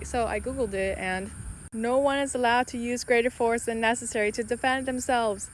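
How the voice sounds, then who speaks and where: A woman from Los Angeles tells a personal anecdote with a chatty, incredulous energy. Her voice sits fairly high, with a faint noise behind it. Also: fairly even intonation, normal speed, low-quality recording. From Los Angeles, United States.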